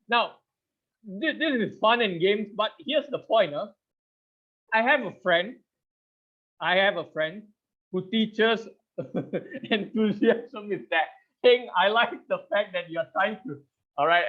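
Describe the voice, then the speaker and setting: High-voiced man teaching an online class. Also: narrow, tinny audio. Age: 30s. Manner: animated, laughs often, quizzes the audience. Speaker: public speaking trainer. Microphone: video call.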